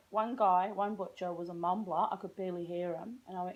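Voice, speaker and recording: Chatting fast with hardly a pause, this Australian woman has a lowish voice and a steady tone, captured in a low-quality recording. Her casual vlog story wanders off on tangents as she mocks herself and puts on American accents.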